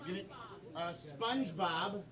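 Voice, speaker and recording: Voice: mid-range voice, a little slow. An improv comedy host running a live show, upbeat and often laughing as they take suggestions from the audience. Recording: distant mic with loud crowd.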